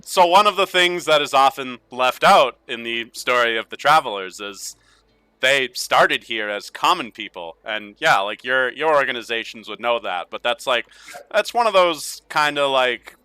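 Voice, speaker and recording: Bright, clear-voiced male game master. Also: medium pitch, expressive, moderate pace, no echo. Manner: casual, laughs often, fillers like "like". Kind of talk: narrating a tabletop game.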